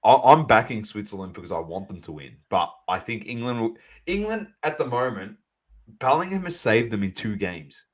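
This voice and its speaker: A man co-hosting a sports podcast, chatting casually and animatedly, calling out to the audience as ladies and gentlemen. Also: lowish voice, moderate pace. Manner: animated, banter-heavy, addresses listeners as ladies and gentlemen. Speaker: podcast co-host.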